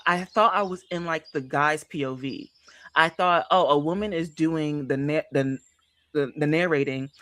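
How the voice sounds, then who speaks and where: Talking about books on a casual livestream, this host is animated and chatty, driving points home by repeating lines and turning to speak straight to viewers. The voice stays in a middle pitch range.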